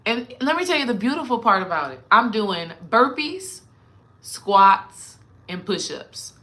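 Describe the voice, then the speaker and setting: A woman's voice: on the high side, very animated, measured pace, sharp tone. A woman spiritual coach talking casually and animatedly to her viewers, addressing them directly.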